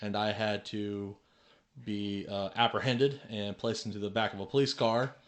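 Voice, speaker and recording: Guest: young man, lowish voice, easygoing and halting as he tells a story. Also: level tone. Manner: laid-back, hesitant storytelling with restarts. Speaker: podcast guest. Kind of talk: casual chat.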